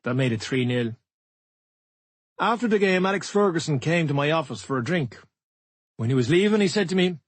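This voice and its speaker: A man's voice: on the high side, animated, brisk, pauses often, dry recording. A man narrating a first-person memoir audiobook in a blunt, matter-of-fact way.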